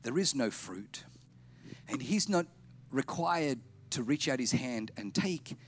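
A man preaching a sermon, emphatic and repetitive, slowing down and softening for effect. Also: medium pitch, lively intonation, a little hiss or hum. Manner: emphatic, repetitive, drops to slow quiet lines for effect. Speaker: pastor.

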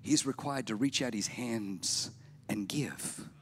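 A man preaching a sermon, emphatic and repetitive, slowing down and softening for effect. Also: medium pitch. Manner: emphatic, repetitive, drops to slow quiet lines for effect. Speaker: pastor.

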